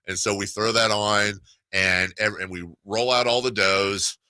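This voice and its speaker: A man's voice: fairly low pitch, steady tone, unhurried, pushed and bright, clean tone, dry recording. A middle-aged man hosting a sports radio show, rambling and laughing through a casual story. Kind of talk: casual chat.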